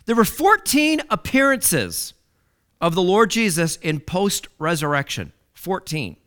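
A man preaching a sermon, with dramatic swings from loud declarations to hushed words and key phrases repeated for emphasis. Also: high-pitched, very animated, a little slow.

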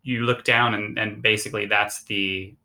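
A man's voice: fairly low pitch, fairly even intonation, normal speed, pushed and bright. A male podcast host who talks reflectively and stops to unpack the meaning in his guest's story. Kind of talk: casual interview chat.

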